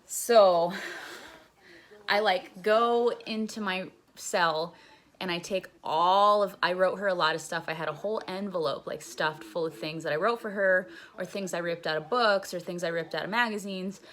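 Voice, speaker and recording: A young woman with a lowish, fairly bright voice talks at a normal speed, casually telling a story about her time in jail. She rambles, swears freely, and says "like" constantly.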